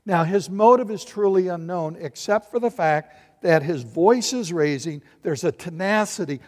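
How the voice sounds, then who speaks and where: Animated high-voiced male preacher. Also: moderate pace, few pauses, long reverb tail. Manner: animated, acts out voices and asks the congregation questions. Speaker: pastor. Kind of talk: sermon.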